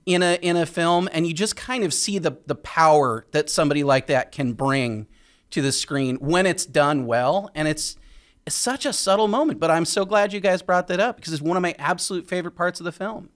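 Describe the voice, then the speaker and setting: Male podcast host, slightly high voice, enthusiastic and stumbling over his words. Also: fairly quick, fairly bright tone. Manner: enthusiastic, hesitant restarts. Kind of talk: casual podcast chat.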